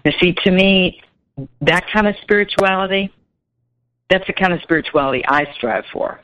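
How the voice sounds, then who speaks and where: A woman's voice: lowish voice, moderate pace, lo-fi sound. A woman guest telling a story in a casual interview, chatty and full of fillers. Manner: chatty, many fillers, animated when quoting.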